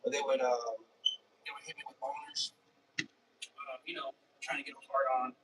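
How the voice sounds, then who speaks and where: A man's voice: mid-range voice, fairly even intonation, normal speed. A man telling a personal story in a rambling, repetitive way, often restarting his sentences. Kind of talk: casual personal monologue. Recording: distant mic with faint background noise.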